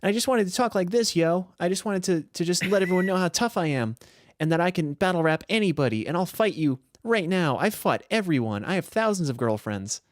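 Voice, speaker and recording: A man voicing a young rural wannabe gangster who brags about being tough, in a higher swaggering voice. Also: expressive, brisk, hardly any pauses, no echo, clean studio sound. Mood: boastful. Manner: brash tough-guy swagger.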